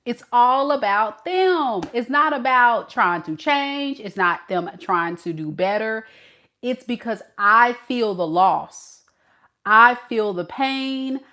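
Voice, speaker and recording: A woman giving a tarot reading to her viewers, blunt and animated, talking straight to them as y'all. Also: mid-range voice. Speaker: tarot reader.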